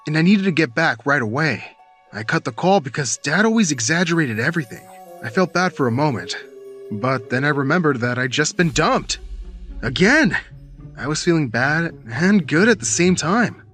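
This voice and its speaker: A man narrates a first-person storytime tale in a fairly high, animated voice. He tells it dramatically and breaks into shouted lines, with faint music playing behind him. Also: fairly quick. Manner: dramatic, bursts into shouted quotes.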